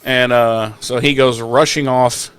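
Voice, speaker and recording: A man co-hosting a podcast recaps an episode in casual, profane, joking chat, acting out lines in silly voices. His mid-range voice is lively in intonation, unhurried and a bit bright, with no room sound.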